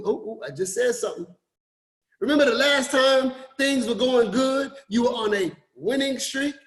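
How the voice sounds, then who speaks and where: A man giving a motivational talk to an online group, repeating his points and swinging between loud emphasis and quiet drops. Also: extremely high pitch. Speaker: forex coach and motivational speaker.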